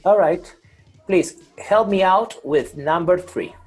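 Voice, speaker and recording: A man's voice: high voice, takes it slowly, breathy edge, soft background music, low-quality recording. A man teaching an online English grammar class over a video call, patient, repeating and rephrasing with many fillers.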